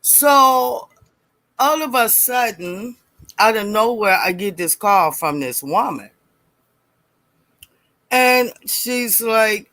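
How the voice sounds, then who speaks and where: A middle-aged woman telling a personal story in a casual, animated way, acting out voices and laughing as she goes. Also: mid-range voice, takes it slowly, no echo. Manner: animated, acts out quoted voices, laughs often.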